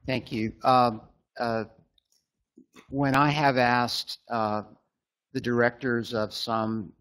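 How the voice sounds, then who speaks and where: A man at a panel event speaks haltingly, full of fillers and restarts. He talks very slowly in a mid-range voice. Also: medium pitch, little pitch movement, a bit bright. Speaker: attendee.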